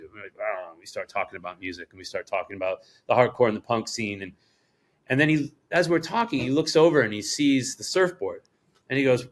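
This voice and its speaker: As a podcast guest, a middle-aged man from Rhode Island who owns a surf shop spins a rambling, profanity-laced story, playing out the voices of the people he quotes. His pitch is fairly low and his pace a little quick.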